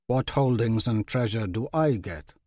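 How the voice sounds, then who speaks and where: A man voicing a defiant warrior who talks in a low, challenging way, in an audiobook. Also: lively intonation, a little slow, mellow, dry recording, studio quality. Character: defiant male warrior prisoner.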